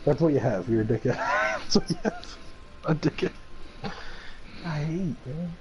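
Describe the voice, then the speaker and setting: A man's voice: a little high, animated, unhurried, dull audio, very noisy. A man streaming a game with friends, talking in a profane, mock-angry rant broken up by laughter and put-on voices of others. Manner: puts on quoted voices of others. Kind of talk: casual gaming chat.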